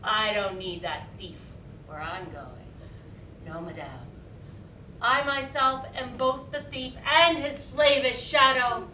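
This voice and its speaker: An actress on stage playing a bitter, scheming maid, theatrical and mocking. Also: female voice, on the high side, slow, bright, forceful tone. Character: Solange, a bitter scheming maid, adult woman. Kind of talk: stage acting. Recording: echoey stage from far off, light noise.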